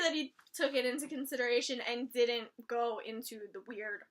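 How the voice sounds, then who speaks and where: A young woman chatting casually as she reviews a TV episode, animated and gushing, with exasperated outbursts. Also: high-pitched, a little fast, few pauses. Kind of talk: casual chat.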